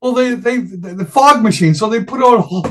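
An older man with a fairly high voice tells road stories. He talks casually and animatedly and acts out voices as he goes. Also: moderate pace, a bit bright. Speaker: guest musician. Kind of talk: casual storytelling.

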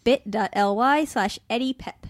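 A woman reads listener event plugs on a podcast, plainly and informatively. Her voice sits on the higher side and the sound is close and dry. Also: unhurried, dry recording.

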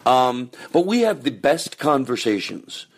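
A man hosting a podcast, rambling casually through plans and announcements, now and then erupting into loud profane rants. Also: mid-range voice, big pitch swings, unhurried, gravelly. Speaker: podcast host.

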